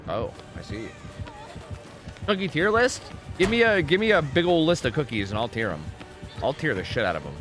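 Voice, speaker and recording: A man streaming a game live and chatting with viewers, excitable and profane, swinging between loud pleading and low mumbling. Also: normal speed, over music. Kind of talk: live gaming commentary with chat.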